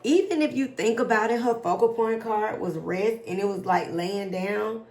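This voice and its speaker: A woman doing a casual tarot reading for her viewers, slowly reading out card messages and reacting to them. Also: medium pitch, background noise. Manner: slow, drawn-out, reads card text aloud then reacts emotionally. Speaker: tarot reader.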